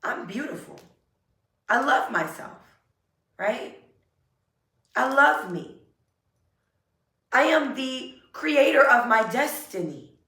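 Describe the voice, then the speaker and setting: A woman speaks slowly and earnestly, leaning into affirmations with real emotion. Her voice is bright and a little high. She sits some way off the mic in a room with a noticeable echo. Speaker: self-help vlogger. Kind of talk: motivational talk to camera. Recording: roomy echo, a bit far from mic.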